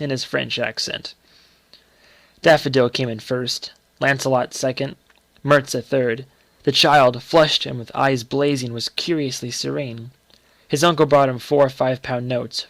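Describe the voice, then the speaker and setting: Gravelly man reading a story. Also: medium pitch, fairly bright tone, no room sound. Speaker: reader. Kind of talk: reading a short story aloud.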